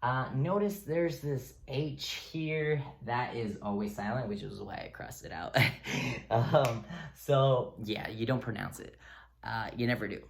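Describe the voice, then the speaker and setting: A man teaching pronunciation in a casual video lesson, relaxed and encouraging, joking often and using plenty of fillers. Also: medium pitch, unhurried, vocal fry. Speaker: language teacher. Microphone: close-up camera.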